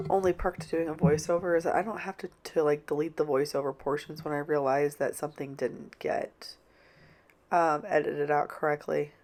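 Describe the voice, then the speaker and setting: A middle-aged woman with a stuffed-up nose from a cold, chatting casually and apologetically in a home voiceover. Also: low-pitched. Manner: apologetic, rambling. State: congested, stuffy-nosed from a cold. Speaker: planner vlogger. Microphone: home voiceover mic.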